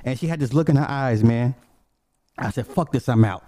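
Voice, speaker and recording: Here a guy tells his own tale casually, cursing freely and getting animated as he shifts from muttering under his breath to shouting out exclamations. His speed is ordinary, and the sound is echo-free.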